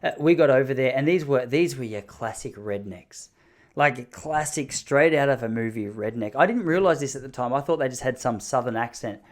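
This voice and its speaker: A man's voice: mid-range voice, a little fast. Man telling stories animatedly. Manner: animated, jokey storyteller. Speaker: podcast host. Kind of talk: casual storytelling.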